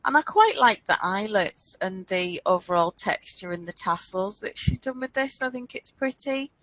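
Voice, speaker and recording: A woman's voice: medium pitch, expressive, moderate pace, a bit bright, no room sound, rough recording. A woman co-hosting a casual chat about knitting patterns, thinking aloud and stumbling over designer names. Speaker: podcast co-host.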